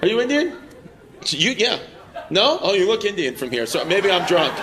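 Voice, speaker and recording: A man's voice: sits high, sing-song, moderate pace, a bit bright. A man doing brash, teasing crowd work as a stand-up comedian in front of a live audience. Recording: live room with crowd laughter and noise.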